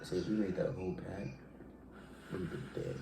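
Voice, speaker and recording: A man's voice: deep voice, fairly even intonation, moderate pace, gravelly, echoey room, background noise. A man vlogging a spicy noodle challenge at home, talking loosely, laughing and cursing as the heat builds. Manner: loud, laughing, swearing while eating hot noodles. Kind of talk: casual chat.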